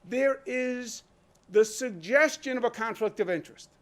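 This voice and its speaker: A man speaks at a press conference in a fairly high voice. He argues emphatically and keeps asking rhetorical questions, like a governor addressing the public. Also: unhurried. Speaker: state governor. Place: press room.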